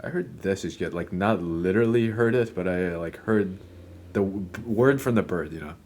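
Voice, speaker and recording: A young man streaming a game, chatting casually, rambling and swearing, with sudden loud outbursts between mumbles. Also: sits low, normal speed, a little hiss or hum.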